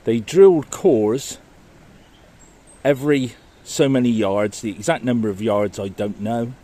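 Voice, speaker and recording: This walking vlogger, a man, speaks in a mellow, unhurried, mid-range voice. Outdoors by a river and woodland trail, he narrates a history walk, clearly enthusiastic and marvelling at what he sees.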